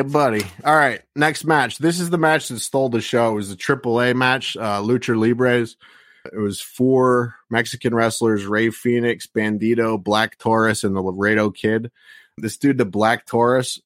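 A man's voice: mid-range voice, fairly even intonation, moderate pace, dry recording. Blunt, swearing man on a podcast. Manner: blunt, heavy swearing, frequent "like" and "you know". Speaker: podcast co-host reviewing wrestling. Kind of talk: casual podcast chat.

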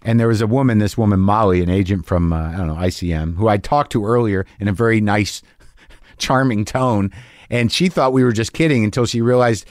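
A man's voice: lowish voice, a little fast, no echo, studio quality. A middle-aged man, a stand-up comic and host, telling a candid, profane story and acting out both sides of an argument.

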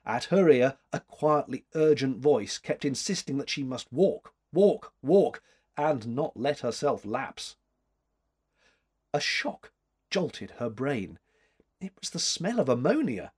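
A man reads an old-fashioned story aloud at an unhurried pace. His voice is husky, and his pitch rises and falls in a lively way. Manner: measured, expressive reading. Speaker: audiobook narrator.

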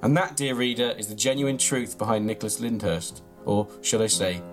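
A man, reading his own absurd comic story in a deadpan, mock-grand way, then bantering. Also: fairly low pitch, moderate pace, over music. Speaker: comedian reading his own tall tale.

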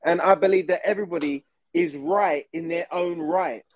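A man's voice: a little high, normal speed, dull audio. A man who is a podcast guest, talking earnestly and emphatically in casual chat.

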